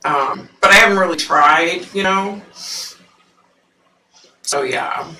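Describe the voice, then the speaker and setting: A woman hosting a psychic livestream, chatting casually with viewers and laughing often; her voice sounds unusually deep through the mic. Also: takes it slowly, sharp tone, reverberant, far from the mic, slight background noise, poor audio.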